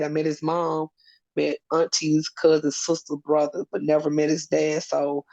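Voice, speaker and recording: A woman's voice: deep voice, creaky, warm tone. A woman being interviewed as a custodial parent, speaking earnestly in a rambling way with many fillers. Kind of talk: personal interview. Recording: dull lo-fi recording.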